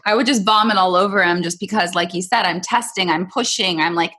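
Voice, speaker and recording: A woman co-hosting a podcast, talking openly and earnestly with listeners, animated when she recounts things. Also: medium pitch, fairly quick, few pauses. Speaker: podcast co-host. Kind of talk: candid conversation with listeners.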